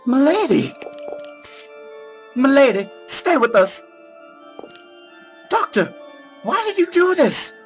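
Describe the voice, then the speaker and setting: A man's voice: very high voice, very animated, slow, pauses often, soft background music, full character voice. A man voicing a loyal woman assistant in a horror game with dramatic, anguished cries.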